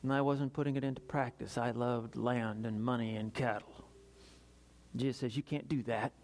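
A man preaching a sermon in an earnest way, moving between loud urgent passages and quiet confessional ones. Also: medium pitch, level tone, moderate pace.

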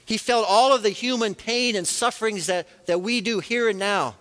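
A man's voice: sits high, normal speed, fairly bright tone. A man preaching a sermon as a pastor, earnest, rising and falling for emphasis. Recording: long reverb of a large hall.

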